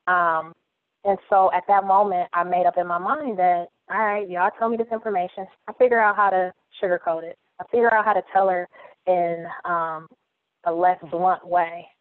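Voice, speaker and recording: A woman's voice: lowish voice, fairly even intonation, moderate pace, no echo. Woman around 40, podcast guest, earnest and reflective, tinny phone-like sound. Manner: earnest, repeats phrases while thinking aloud. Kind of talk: reflective personal storytelling. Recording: tinny phone-like line, dry.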